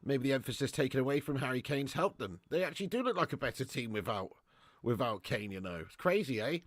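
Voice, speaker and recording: A man's voice: mid-range voice, expressive, fast, no room sound, clean studio sound. A man hosting a football watch-along stream, chatting casually and reading out fan messages with slang and swearing. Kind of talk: live stream chat reading super chats.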